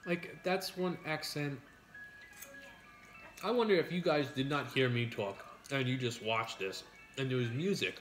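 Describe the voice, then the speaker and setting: A man's voice: medium pitch, measured pace, fairly bright tone, faint music behind. A middle-aged man with a New York accent, hosting a casual eating video and joking his way through rambling stories. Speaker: mukbang host. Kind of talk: casual chat while eating.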